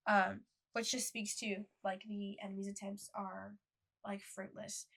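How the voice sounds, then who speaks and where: A young woman talks through a faith podcast in a casual, friendly register, with a noticeable gravelly fry in her voice. She reads scripture passages aloud and then breaks them down in plain, everyday speech. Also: mid-range voice, little pitch movement, measured pace, fairly bright tone. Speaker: podcast co-host.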